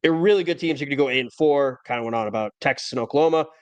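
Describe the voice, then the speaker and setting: A man's voice: medium pitch, very fast. A man hosting a casual college football podcast, talking in a wry, opinionated way. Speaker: podcast host. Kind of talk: casual sports talk.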